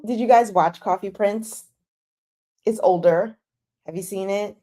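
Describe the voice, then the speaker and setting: A woman's voice: mid-range voice, a little slow, pauses often. A young woman hosting a live chat about dramas, talking casually and with animation, gushing one moment and exasperated the next. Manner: animated, gushing and exasperated, acts out her own reactions.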